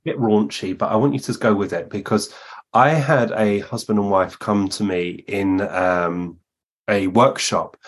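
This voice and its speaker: A man, a guest medium, telling lively anecdotes in a podcast interview and acting out the voices he quotes. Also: lowish voice, husky.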